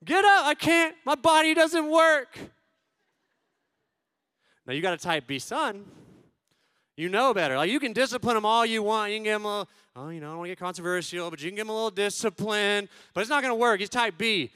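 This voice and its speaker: A man in his thirties doing stand-up, telling stories as a father and acting out loud quotes between hushed asides. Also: sits high, fast talker, smooth, no echo, studio quality. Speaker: stand-up comedian. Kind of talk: stand-up storytelling.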